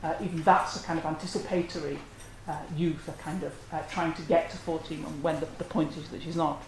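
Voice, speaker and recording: A lecturer talks through a literary analysis in a measured, scholarly way, at a mid-range pitch. The voice rings out in a roomy space, and a faint hiss sits underneath. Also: level tone. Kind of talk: academic lecture. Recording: roomy echo.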